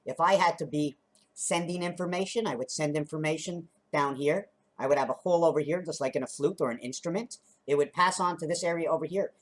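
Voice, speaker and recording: A woman vlogger talking in a rambling, free-associating monologue, laughing often and counting out numbers and letters as she sketches. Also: sits low.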